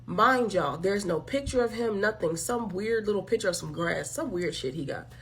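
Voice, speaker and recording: A woman's voice: mid-range voice, lively intonation, moderate pace, fairly bright tone, a little hiss or hum. A woman hosting her own channel, giving a blunt, emphatic, profane commentary rant straight to her viewers and calling them y'all. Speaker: channel host. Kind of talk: direct-to-camera commentary rant.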